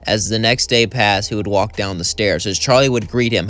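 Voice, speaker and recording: Male fan-story narrator, lowish voice, rambling casual read. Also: moderate pace, fairly bright tone, faint music behind. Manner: rambling, loosely improvised.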